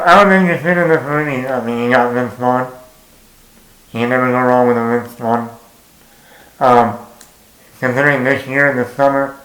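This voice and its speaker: A man's voice: medium pitch, a bit bright. A man giving a casual, rambling movie review full of jokes and fillers. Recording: roomy echo.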